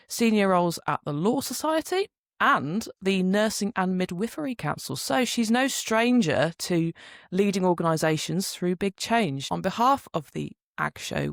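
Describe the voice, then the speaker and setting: A young woman from the UK co-hosting a casual podcast, telling stories with lively acted-out quotes. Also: lowish voice, gravelly, dry recording, studio quality. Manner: lively storytelling, acts out quotes. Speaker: podcast co-host. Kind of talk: casual chat.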